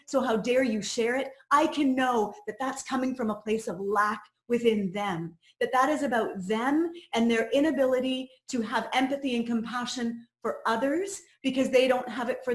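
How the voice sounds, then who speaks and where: A woman coach leading a personal growth course, sharing her own story in an earnest, reflective teaching talk. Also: a little high. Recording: roomy echo.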